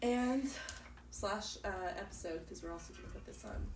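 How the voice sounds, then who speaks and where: A woman's voice: mid-range voice, lively intonation, moderate pace, echoey room. Woman host with a cold, chatty and giggly, distant mic with faint noise. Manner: chatty, laughs often. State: sick, congested. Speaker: podcast host and moderator. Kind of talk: casual chat.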